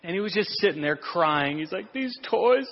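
A pastor preaching a sermon in a conversational, storytelling way with rhetorical questions. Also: male voice, fairly high pitch, a little fast. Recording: muffled sound in a reverberant hall.

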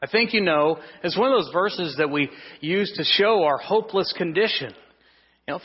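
A male pastor preaching a sermon to his congregation, swinging between loud emphasis and hushed, drawn-out lines. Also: sits high, lively intonation, breathy edge, in a large hall, muffled recording. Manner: asks the congregation for responses. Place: church sanctuary.

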